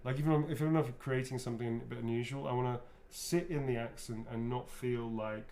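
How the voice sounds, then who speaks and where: A man's voice: medium pitch, brisk, darkish tone. Chatty man rambling through a fan Q&A. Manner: rambling, self-correcting, chatty. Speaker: voice actor answering fan questions. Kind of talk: casual live Q&A while signing autographs.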